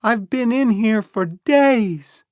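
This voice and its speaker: A man voicing a frightened eight-year-old boy lost in tall grass, calling out in high pleading cries. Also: slow, dry recording, clean studio sound. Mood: desperate.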